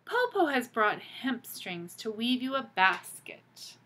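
A woman's voice: on the high side, sing-song, slow pace, pushed and bright, slight background noise, full character voice. A woman doing a sly old wolf posing as granny. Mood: coaxing. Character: cunning old male wolf posing as grandmother.

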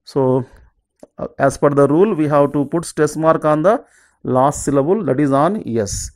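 A teacher, giving an exam-prep lesson and repeating word lists slowly, with each example word said lower. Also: darkish tone. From southern India. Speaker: English teacher.

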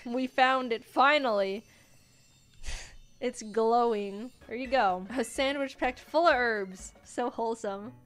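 A young woman in her twenties casually commenting while playing a video game, often jumping high when excited. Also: slow pace. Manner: excitable, squeals high at cute creatures. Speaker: gaming YouTuber. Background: faint game music.

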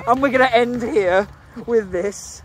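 A Glaswegian woman, a professional dog walker, narrating a casual vlog outdoors in the fields and breaking into high sing-song baby talk with the dogs. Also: unhurried. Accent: Glaswegian Scottish. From Glasgow, Scotland.

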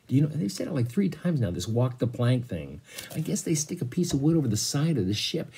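A man reads a chapter book aloud to schoolchildren, breaking off to explain words in a relaxed, chatty way. His voice is strongly husky and mellow in tone. His pitch moves animatedly from phrase to phrase. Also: a little fast. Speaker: teacher reading aloud to a class. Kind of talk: children's read-aloud with explanatory asides.

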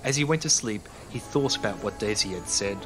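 A man reading a children's railway story as narrator, in a calm, even storybook manner. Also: lowish voice, a little fast. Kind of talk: scripted narration. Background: music.

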